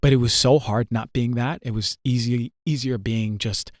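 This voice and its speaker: A man's voice: medium pitch, fairly even intonation, normal speed, no echo, studio quality. A man talking earnestly as a podcast guest, emphatic and repetitive, checking in often with "right?". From New Jersey. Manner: emphatic, repeats phrases, frequent "right?". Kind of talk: earnest conversational teaching.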